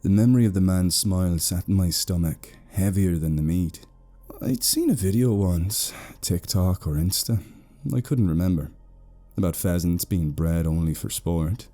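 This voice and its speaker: A British man narrating a horror story slowly, in a hushed tone. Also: low-pitched, expressive, soft background music.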